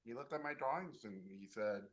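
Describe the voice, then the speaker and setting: A man from Mexico telling the story of his start in animation in a casual talk, animated and acting out the people he quotes. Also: mid-range voice, a little fast, a little hiss or hum, poor audio.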